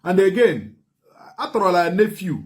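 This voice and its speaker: A man with an Igbo Nigerian accent giving impassioned commentary, repeating phrases in rapid bursts. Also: sits high, big pitch swings.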